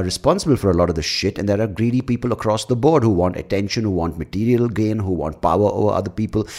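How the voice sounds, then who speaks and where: A man's voice: deep voice, a little mellow. A man hosting a solo podcast, ranting in a blunt, profane, opinionated way, rambling with many fillers and restarts. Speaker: podcast host.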